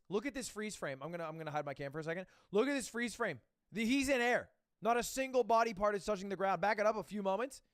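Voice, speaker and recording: A man with a high, animated voice reacts to clips with casual, joking commentary and free swearing. The sound is close and dry, with no room around it. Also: smooth, dry recording. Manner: joking, expressive, swears freely. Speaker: reaction video creator.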